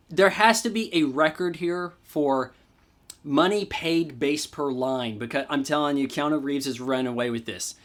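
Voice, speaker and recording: A man with a slightly higher voice reviews a film in a loose, sarcastic rant. He swears casually and mocks what he describes. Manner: sarcastic, profane ranting. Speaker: movie reviewer. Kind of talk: casual spoken movie review.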